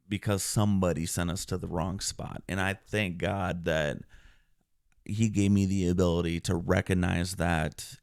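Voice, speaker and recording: A veteran man tells his story on a podcast in a low, gravelly voice. He speaks earnestly, clears his throat often and restarts his sentences. The recording is dry and close. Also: no room sound. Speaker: military veteran guest.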